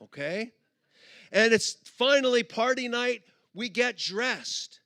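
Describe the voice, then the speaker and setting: Man, middle-aged, humorous sermon, high pitch, dry close sound, storytelling. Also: animated, pushed and bright, dry recording. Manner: storytelling, acts out both sides of a couple with quick voices. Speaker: conference speaker. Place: conference auditorium.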